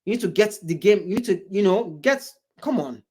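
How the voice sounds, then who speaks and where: A man's voice: sits high, expressive, a little fast, dark tone, slightly rough. A man hosting a reaction video, commenting in a mocking way and mimicking the people he watches.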